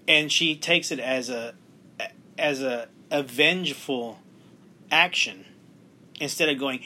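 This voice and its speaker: A man hosting a casual podcast discussion, animated and acting out quotes with emphasis. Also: mid-range voice, unhurried. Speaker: podcast host.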